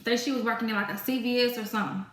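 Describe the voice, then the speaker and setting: Brief: female vlogger, exasperated storyteller, bright tense tone, roomy echo. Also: fairly high pitch, fairly even intonation, rapid-fire. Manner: exasperated, ranting about customers. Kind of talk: casual storytelling. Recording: echoey room.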